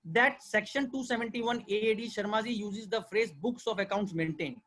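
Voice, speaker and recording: Speaking with an Indian accent, a tax law presenter gives an earnest webinar lecture over a video call. His mid-range voice is a bit bright and runs at normal speed, and he repeats key points while calling listeners "sir."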